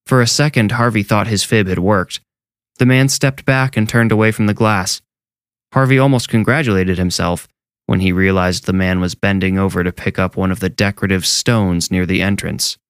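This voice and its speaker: A man narrating a horror story in a measured, steady storytelling voice. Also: fairly low pitch, clear, resonant tone, no room sound, clean studio sound. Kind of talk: scripted narration.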